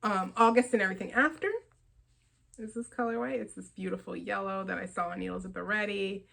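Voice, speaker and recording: Casting note: woman knitting podcaster, chatty and excitable, quick laughs and rambling asides. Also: mid-range voice, gravelly, low-quality recording. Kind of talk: casual chat showing yarn purchases.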